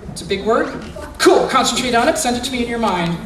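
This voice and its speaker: A man's voice: extremely high pitch, expressive, fast, fairly bright tone, a little hiss or hum. A man performing as a magician for a school audience, coaxing child volunteers through mind-reading tricks with playful, theatrical patter. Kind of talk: live stage patter with young volunteers. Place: school room or gym, indoors. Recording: echoey room, voice from far off.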